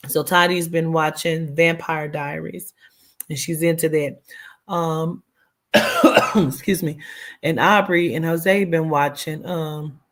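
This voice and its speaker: A woman's voice: sits low, fairly even intonation, takes it slowly, pauses often. A woman hosting a livestream, chatting casually with viewers in a loose, rambling way, cursing freely and answering comments from the chat. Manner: chatty and rambling, with frequent swearing and "child" asides. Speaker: livestream host.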